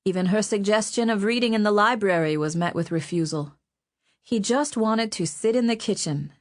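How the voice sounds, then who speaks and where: A woman reading an audiobook in a measured, steady storytelling manner. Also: medium pitch. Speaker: audiobook narrator. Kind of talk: scripted audiobook narration.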